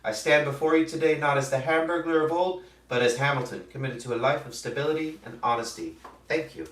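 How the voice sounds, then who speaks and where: A man's voice: a little high, brisk, a bit bright, close to an everyday voice. A man voicing a reformed male cartoon burger thief who gives an earnest, formal public statement, recorded with some distance from the mic. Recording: roomy, from a distance.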